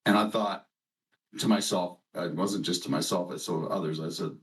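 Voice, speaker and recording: A man's voice: low voice, steady tone, moderate pace, far from the mic, low-quality recording. A man hosting a company conference call, telling rambling stories and joking as he introduces a guest. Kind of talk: casual conference call chat.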